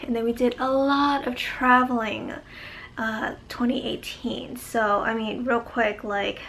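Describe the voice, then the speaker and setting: A woman's voice: a little high, a little slow, fairly bright tone, a little hiss or hum. A young woman vlogging a casual life update, a bit short of breath and chatty, with lots of fillers.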